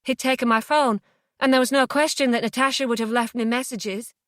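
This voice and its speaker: A woman's voice: fairly high pitch, steady tone, brisk, dry recording. Woman narrating an audiobook, dry close sound. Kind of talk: first-person scripted narration.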